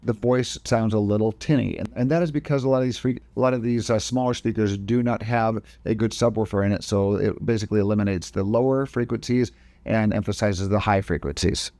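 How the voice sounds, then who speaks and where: Male tutorial host, low voice, dry close sound, casual explainer who restarts phrases. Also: steady tone, fairly quick, dark tone, no room sound. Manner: casual step-by-step explaining, frequent self-corrections. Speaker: video editing instructor. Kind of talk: screen-recorded software tutorial.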